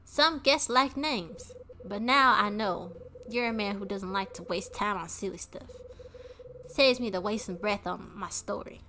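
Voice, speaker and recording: A woman voicing a gruff, folksy male hotel owner in a put-on American Southern drawl, cagey and fond of telling stories. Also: medium pitch, unhurried, sharp tone, a little hiss or hum. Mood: teasing.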